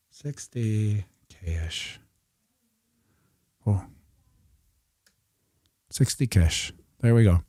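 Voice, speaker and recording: Middle-aged male streamer, low and mellow, dry close sound, loose jokey chart-talk with mumbled asides. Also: no room sound. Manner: rambling, jokey, muttering asides while drawing on a chart. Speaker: crypto streamer. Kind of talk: casual live chart commentary.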